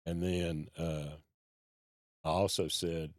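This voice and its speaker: Low-voiced man telling his story. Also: flat delivery, slow, no echo, studio quality. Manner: folksy, plain-spoken. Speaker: podcast guest. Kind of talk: personal storytelling in conversation.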